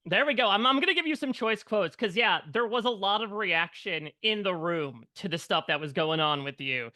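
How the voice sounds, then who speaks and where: An interviewer with a bright, forward tone. The questions run long and wind through several clauses before they land. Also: mid-range voice, lively intonation, moderate pace, no room sound.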